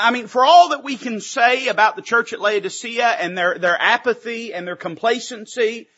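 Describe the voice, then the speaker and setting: A man's voice: very high-pitched, pushed and bright, husky, highs cut off. A man preaching a sermon to his church, building emphasis with repeated phrases. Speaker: pastor. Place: church sanctuary.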